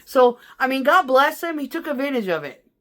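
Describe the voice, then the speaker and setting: Woman vlogger, foul-mouthed and animated, swinging her pitch widely as she rants. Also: a little fast. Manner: blunt, sweary, animated, mimics coworkers. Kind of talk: casual profane storytelling.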